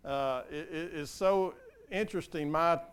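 A man's voice: fairly high pitch, a little slow, clean tone. An older man preaching a sermon as pastor, earnest and conversational, often asking the congregation questions.

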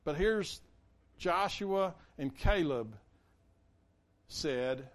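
A man's voice: a little high, drawn-out words. A man preaching a conversational sermon, acting out the quotes he reads. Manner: conversational, animated, acts out quotes. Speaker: pastor.

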